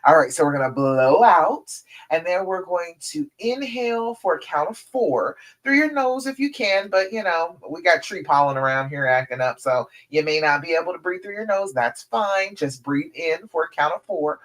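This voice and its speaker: A woman's voice: on the low side, lively intonation, normal speed, few pauses. A woman relationship coach on a live stream, leading listeners through counted breathing and talking them through journaling in an encouraging, direct way. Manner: addresses listeners directly as ladies and girl.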